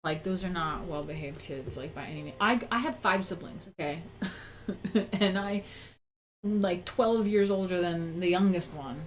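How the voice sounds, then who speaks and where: A woman's voice: lowish voice, unhurried, slight background noise, poor audio. Blunt, swearing woman streamer ranting. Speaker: live-stream host. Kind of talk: casual live-stream chat. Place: home office.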